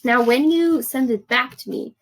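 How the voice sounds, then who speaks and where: A woman's voice: high voice, normal speed, rough recording. A woman teacher giving patient step-by-step instructions for a writing assignment in a recorded remote lesson. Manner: patient, encouraging, explains step by step with examples. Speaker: third grade teacher.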